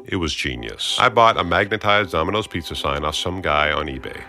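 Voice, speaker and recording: A man's voice: low-pitched, expressive, fairly quick, bright, forceful tone. A man narrating a first-person heist story, breaking into wry, self-mocking asides to himself.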